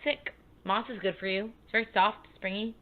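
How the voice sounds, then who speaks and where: A woman playing a tabletop game, talking softly and hesitantly with frequent stammers, over a tinny phone-like line. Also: medium pitch, fairly even intonation, normal speed. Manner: soft-spoken, hesitant, stammering. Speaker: player. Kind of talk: tabletop game play, casual chat.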